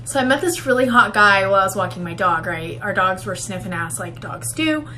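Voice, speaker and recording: A woman's voice: medium pitch, lively intonation, fairly quick, very noisy. A woman tells a story to her camera in a giggly, conspiratorial way. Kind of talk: story time vlog.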